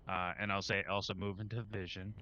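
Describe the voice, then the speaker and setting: Bright, flat-voiced man playing a tabletop game. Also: deep voice, highs cut off. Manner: deliberate, careful, halting with fillers. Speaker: player. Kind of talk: tabletop game play over a stream.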